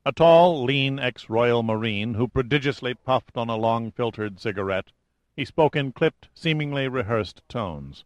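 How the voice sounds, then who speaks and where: A man reading an adventure novel aloud in scripted, measured audiobook narration. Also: mid-range voice, dry recording.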